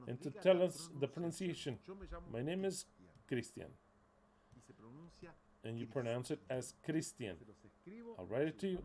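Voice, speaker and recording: A man delivering an informal sermon, blunt and emphatic, swearing freely as he drives his points home. His voice sits at an ordinary middle pitch. The chatter of a crowd is clearly audible behind him. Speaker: preacher.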